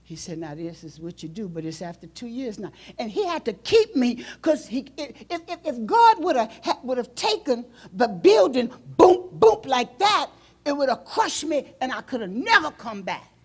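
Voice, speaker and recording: Husky-voiced woman preaching with sweeping intensity. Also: a little high, big pitch swings, normal speed. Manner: emotional, swings from loud outbursts to near whispers. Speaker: pastor. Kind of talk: sermon. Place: church.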